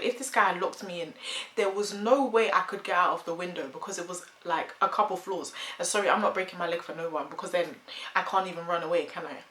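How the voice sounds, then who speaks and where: A young woman in her twenties chatting through a storytime vlog with animated storytelling. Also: on the low side. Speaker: vlogger. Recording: echoey room, faint hum.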